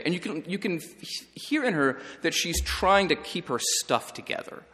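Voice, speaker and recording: A man's voice: on the high side, moderate pace, big-room sound. A man, a priest, giving a conversational teaching talk on reading scripture, often checking in with "right?". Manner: conversational, animated, frequent "right?" tags.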